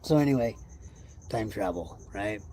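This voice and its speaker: Tired man musing aloud, mellow voice. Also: on the low side, expressive, measured pace, a little hiss or hum. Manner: loose, musing, wandering talk with rhetorical questions. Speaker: livestream host. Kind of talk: rambling casual livestream chat.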